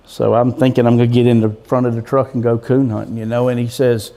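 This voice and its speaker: A man's voice: medium pitch, little pitch movement, fast talker, mellow. A man telling a rambling, folksy story as a guest in a casual interview, with frequent restarts. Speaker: guest, coon hunter.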